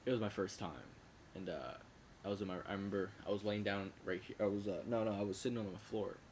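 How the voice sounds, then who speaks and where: A man's voice: on the low side, fast talker, a little mellow, a little hiss or hum. A young man casually telling a rambling, profane personal story, often restarting and correcting himself. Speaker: vlogger.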